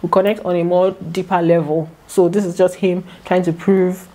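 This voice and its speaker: A woman's voice: fairly low pitch, little pitch movement, moderate pace, mellow. Chatty woman vlogger. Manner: chatty, talks straight to viewers. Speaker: YouTuber recapping a reality show. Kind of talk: casual commentary vlog.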